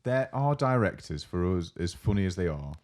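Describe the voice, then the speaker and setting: A man's voice: low voice, big pitch swings, normal speed, a little mellow. A young man co-hosting a casual podcast, animatedly acting out coworkers' lines and swearing freely. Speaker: podcast co-host. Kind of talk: casual chat.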